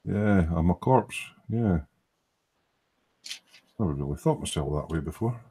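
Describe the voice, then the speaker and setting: A Scottish man with a low, warm, animated voice and a breathy edge hosts a late-night live model-making stream at his hobby workbench. Speaking unhurriedly, he chats casually while building a kit, joking, swearing and muttering as he works.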